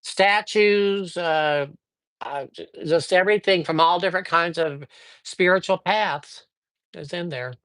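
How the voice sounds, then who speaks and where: A man hosting a casual live stream, telling ghost stories with lively acted-out dialogue and giving tarot readings to viewers. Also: sits high, measured pace, smooth. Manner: lively storyteller who acts out dialogue. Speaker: live-stream host and psychic reader.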